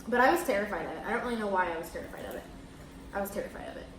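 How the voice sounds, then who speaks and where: A woman's voice: medium pitch, lively intonation, racing. A young woman chats casually while eating on camera, her stories loose and full of fillers. The room around her rings with a noticeable echo. A faint hiss sits underneath. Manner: chatty, filler-heavy storytelling with laughs. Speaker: host. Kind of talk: casual mukbang chat. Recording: echoey room with faint noise.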